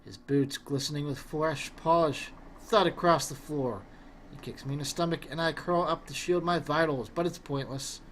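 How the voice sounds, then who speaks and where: A man voicing a troubled young male wizard who recalls his father's abuse in a quiet, halting way. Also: fairly high pitch, slight background noise, natural voice. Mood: haunted.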